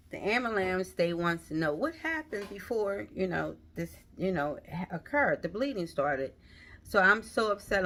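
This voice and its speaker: Woman, middle-aged, storyteller; slow, halting delivery with a bright tone and frequent restarts. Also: on the low side. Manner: halting, emotional, many restarts. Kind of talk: personal storytelling.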